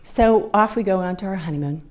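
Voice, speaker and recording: A woman's voice: medium pitch, fairly quick. A woman in her fifties giving a talk as a guest speaker, telling a personal story in a conversational way and acting out the people she quotes. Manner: conversational, acts out quoted voices. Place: club meeting room.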